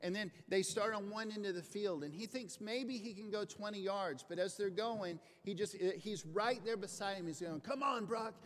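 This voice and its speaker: A man's voice: sits high, normal speed, hardly any pauses. A man preaching a conversational, earnest sermon in a church. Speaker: pastor. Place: church sanctuary. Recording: echoing hall, faint noise.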